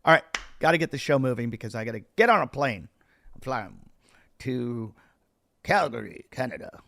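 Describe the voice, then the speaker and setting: A man's voice: medium pitch, expressive, moderate pace, gravelly, a bit bright, slight background noise. A middle-aged man hosting his podcast, a stand-up comedian rambling through his tour dates in a jokey, self-mocking way. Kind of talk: casual solo podcast intro.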